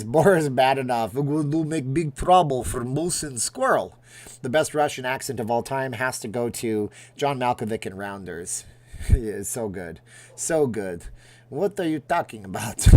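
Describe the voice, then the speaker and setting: A man hosting a casual livestream. He rambles between topics and reads viewers' names and comments aloud. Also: medium pitch. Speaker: host.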